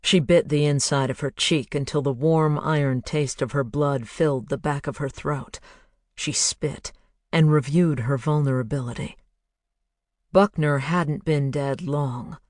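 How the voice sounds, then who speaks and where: A narrator reads a thriller at an unhurried pace, measured and hushed. The recording is close and dry, with no room sound. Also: mid-range voice, fairly even intonation, dry recording. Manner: measured, hushed, building to intense. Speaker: audiobook narrator.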